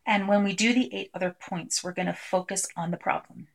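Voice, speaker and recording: A woman presenting a live workshop, talking through a technique with many pauses and fillers. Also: medium pitch, fairly even intonation, gravelly. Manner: hesitant, filler-heavy, demonstrates by voicing a client. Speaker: clinician presenting a tapping technique.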